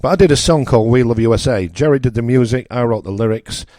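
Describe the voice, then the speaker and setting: A man's voice: medium pitch, quick pace, mellow, no room sound, clean studio sound. A man from northern England with a northern English accent, hosting a radio show and delivering a blunt, opinionated political rant with emphatic repetition.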